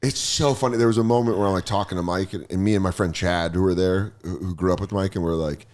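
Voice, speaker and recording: A man's voice: low voice, fast. A man hosting a podcast, telling stories in casual comedic chat and acting out the people he quotes. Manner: animated storyteller, acts out quoted people with voices. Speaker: podcast host.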